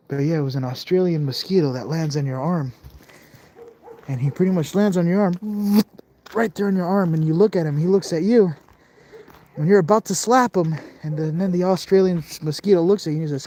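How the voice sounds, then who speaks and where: A man's voice: on the high side, brisk, mellow, a little hiss or hum. Chatty man streaming from a cold night. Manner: chatty, jokey, talks straight to viewers. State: cold, sniffly and coughing. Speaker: live-streaming ghost-hunting host. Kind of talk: casual live-stream chat. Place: outdoors at night on a cold mountain.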